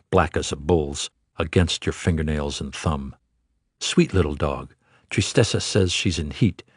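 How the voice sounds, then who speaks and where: A man narrating a literary audiobook in a measured, rhythmic reading of dense prose. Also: deep voice, breathy edge, dry recording, clean studio sound.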